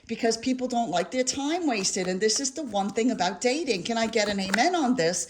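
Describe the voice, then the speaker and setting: A woman's voice: a little high, a little fast, hardly any pauses. Chatty swearing woman tarot reader. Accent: New York. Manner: animated, swears, rambles with restarts and asides. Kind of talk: casual chatty tarot reading.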